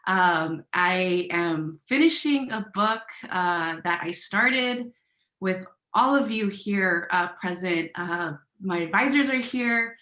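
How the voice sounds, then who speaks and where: A woman's voice: fairly low pitch, lively intonation, slow, sharp tone. An emotional woman academic introduces herself on a video call. Her voice sits in a roomy, echoing space with plenty of reflection. She sounds moved and grateful throughout. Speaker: assistant professor. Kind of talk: webinar introduction.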